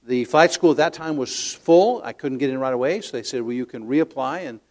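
An older man preaching a sermon, telling stories with lively acted-out inner voices and soft tender asides, often repeating words as he searches. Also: medium pitch, a little fast. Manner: animated storytelling, acts out inner voices, drops to soft tender tones. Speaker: pastor.

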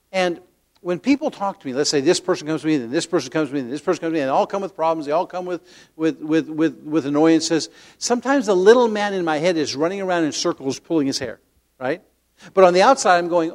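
An older man preaching a sermon, telling stories with lively acted-out inner voices and soft tender asides, often repeating words as he searches. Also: on the high side, fast. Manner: animated storytelling, acts out inner voices, drops to soft tender tones. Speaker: pastor.

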